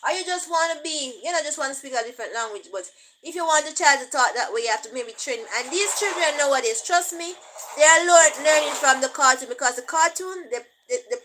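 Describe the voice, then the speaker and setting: A woman's voice: high-pitched, brisk, background noise. A woman with a Jamaican accent talking casually, slipping between English and patois and often laughing. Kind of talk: casual monologue.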